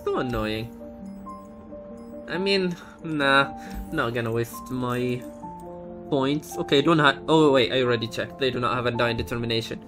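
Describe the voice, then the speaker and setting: A young man streams a speedrun, giving live commentary on his own run, exasperated, cursing, and prone to frequent outbursts. His voice is medium-pitched at a moderate pace, with music playing in the background.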